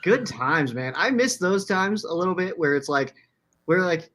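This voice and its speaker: A young man co-hosting a casual live-streamed sports chat from a small room. He is excitable, laughs often and fills his talk with "like". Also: sits high, moderate pace. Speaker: podcast co-host.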